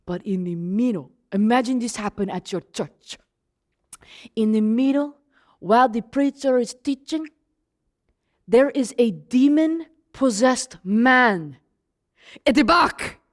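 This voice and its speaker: In first-person Bible storytelling, a woman takes on the role of the apostle John, describing his days alongside Jesus and asking the listeners questions directly. Her voice is on the high side, and she speaks slowly, pausing often.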